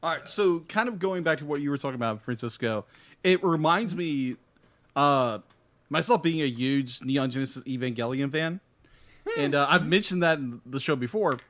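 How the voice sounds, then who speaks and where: A man's voice: on the high side, normal speed, a bit bright. A man co-hosting a podcast, chatting enthusiastically. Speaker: podcast co-host. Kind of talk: casual podcast chat.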